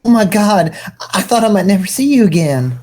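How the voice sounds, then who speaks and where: A woman's voice: medium pitch, sing-song, fairly quick, mellow, pitched above the performer's own voice, close to an everyday voice. A woman voicing a possessed male troll prophet who swings from desperate muttering to giddy, gushing chatter.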